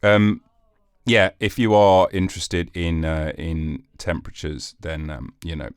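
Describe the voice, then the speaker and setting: A man's voice: low-pitched, fairly even intonation, a little slow, clear, resonant tone, dry recording, clean studio sound. A British man hosting his own podcast, rambling through a jokey, sarcastic solo monologue. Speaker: podcast host.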